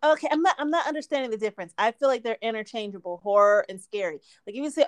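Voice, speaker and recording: A woman with a high, bright voice chats casually with her co-host. She laughs a lot and teases playfully. The recording is close and dry, with no room sound. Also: expressive, quick pace, hardly any pauses, dry recording. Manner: laughs often, playful teasing. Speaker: podcast co-host. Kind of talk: casual chat.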